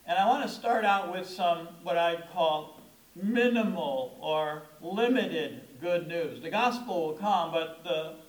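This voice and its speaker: A middle-aged pastor with a high voice delivers a chatty, storytelling sermon, punching certain words for emphasis. The sound rings around an echoey church sanctuary. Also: male voice, lively intonation, takes it slowly. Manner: conversational, storytelling preaching with emphatic stresses. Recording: echoey room.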